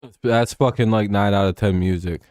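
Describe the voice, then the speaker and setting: Casting: man, low voice, tired live-stream host, loose and joking, dry close sound. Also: moderate pace, darkish tone, clear, resonant tone, no echo. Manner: rambling, joking, swearing, sleepy. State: tired and yawning. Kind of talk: casual game watch-along commentary.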